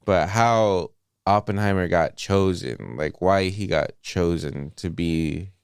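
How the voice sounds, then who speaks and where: A man co-hosting a movie podcast, retelling film scenes in a casual, profane, animated way. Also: low-pitched, slow, vocal fry, clean tone, no room sound, clean studio sound. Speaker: podcast co-host.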